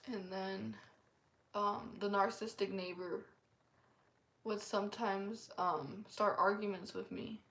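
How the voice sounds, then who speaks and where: A woman's voice: medium pitch, steady tone, slow, a bit bright. A woman earnestly sharing a personal testimony in a casual, rambling way, full of "like" fillers. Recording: echoey room.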